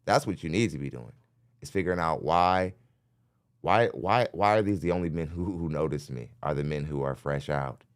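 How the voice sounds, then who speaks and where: A man's voice: a bass voice, moderate pace, clear, resonant tone. A man hosting a live podcast, reacting bluntly to a clip and talking straight to his chat, often laughing between points. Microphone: studio mic.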